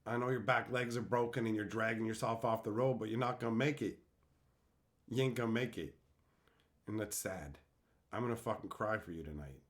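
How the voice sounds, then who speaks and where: A man's voice: mid-range voice, fairly quick, long pauses. A young adult man streaming and reading chat aloud in casual talk, ranting with exasperated disbelief and frequent swearing.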